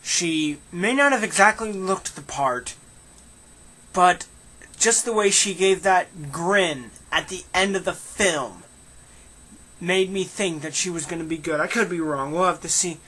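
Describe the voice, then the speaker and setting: A voice with a bright, sharp edge talks through a casual film review. The delivery is opinionated and animated, with mocking asides thrown in. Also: medium pitch, measured pace.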